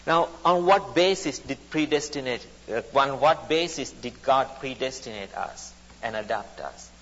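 A man's voice: mid-range voice, expressive, measured pace, a bit bright, husky. A man preaching a sermon, speaking emphatically and repeating his phrases. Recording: dull recording in a reverberant hall.

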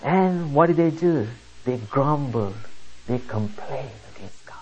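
A preacher delivering a sermon in a slow, emphatic way, asking the listeners one rhetorical question after another. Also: medium pitch, lively intonation, darkish tone, breathy edge, poor audio.

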